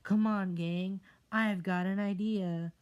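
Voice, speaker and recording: A reader voicing an eager little kitten boy hero in a storybook reading, excited and slangy. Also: mid-range voice, unhurried, muffled recording, close to an everyday voice.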